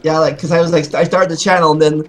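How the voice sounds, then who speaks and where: A man guesting on a let's play, chatting casually with the host. His voice is a little high, and his talk is loose and full of fillers, with "like" everywhere. Soft music plays underneath. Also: little pitch movement, fast talker. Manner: chatty, filler-heavy with many "like"s. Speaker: guest co-commentator. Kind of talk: casual chat over gameplay.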